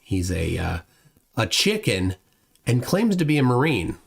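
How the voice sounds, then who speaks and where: Middle-aged male streamer, casual chat reading comments, rambly, mid-pitched voice. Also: wildly swooping pitch, a little slow, creaky, breathy edge. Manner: rambling, reads chat aloud, restarts often. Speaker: livestream host.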